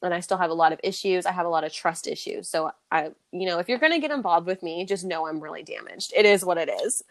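Young woman telling a lively story. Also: quick pace. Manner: animated, acts out quotes with big pitch jumps and laughs. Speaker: podcast host. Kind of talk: casual storytelling chat.

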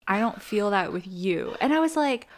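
A woman's voice: mid-range voice, animated, normal speed. A woman co-hosting a podcast, casually recapping a TV episode with lots of fillers and acted-out quotes. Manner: chatty, fillers, acts out characters' lines. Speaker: podcast co-host.

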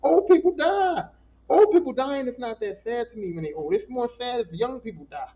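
Animated high-voiced man ranting profanely. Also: brisk, muffled recording. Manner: animated, profane, talks back to listeners. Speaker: podcast host. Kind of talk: casual solo podcast rant.

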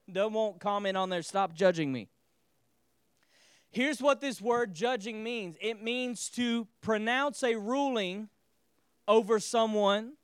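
A man's voice: high-pitched, a bit bright, clear, resonant tone, no echo, studio quality. A man preaching a sermon as pastor, calling on the congregation to repeat phrases and restating his key lines.

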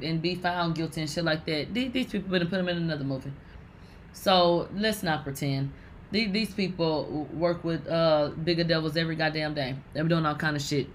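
Blunt gossip host, woman, lowish bright voice. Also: a little hiss or hum. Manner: blunt, exclaiming, cusses casually. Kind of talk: commentary.

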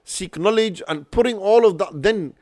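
This high-voiced man hosts a religious podcast in an easygoing discussion format, earnestly giving advice and frequently starting over mid-sentence. He talks at normal speed, his tone a little mellow, and the recording is dry.

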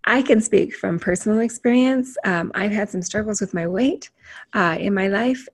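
A woman's voice: mid-range voice, darkish tone, husky. A woman leading a self-help panel discussion, reading points from a list and asking the group encouraging questions. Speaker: group facilitator.

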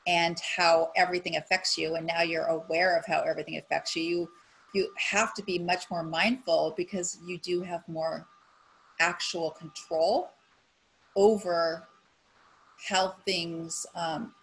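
A woman's voice: lowish voice, fairly even intonation, a little slow, fairly bright tone, slight background noise, poor audio. A woman on a podcast talking frankly and animatedly, swearing casually and acting out her own inner voice. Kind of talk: casual chat.

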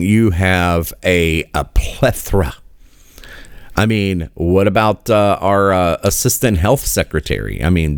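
A middle-aged man gives casual, sarcastic commentary. He speaks in a deep voice with a lot of swing, and he often hesitates on fillers. The recording is dry and close, and his tone stays smooth. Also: no room sound.

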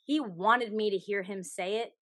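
A woman's voice: medium pitch, normal speed, no echo. Frank, outspoken woman singer on a dry mic. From Canada. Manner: frank, animated, swears freely, laughs often. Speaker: country singer, podcast guest. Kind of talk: candid interview storytelling.

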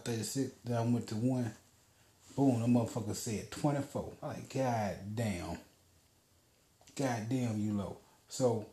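A man's voice: medium pitch, dark tone. Profane, rambling man in a roomy space. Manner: profane, rambling, lots of fillers. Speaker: podcast host. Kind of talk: casual storytelling rant.

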